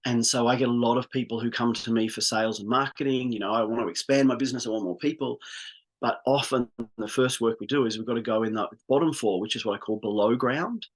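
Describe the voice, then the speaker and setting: A man's voice: medium pitch, fairly even intonation, fast, hardly any pauses. A man coaching a live group session on business growth. He talks in an upbeat, informal way and guides the group as he goes.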